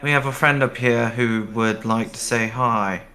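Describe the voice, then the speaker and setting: A man voicing a cheerful female starship captain in a tabletop game, talking in a quick, breezy way. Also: medium pitch, fairly even intonation, pushed and bright, slight background noise.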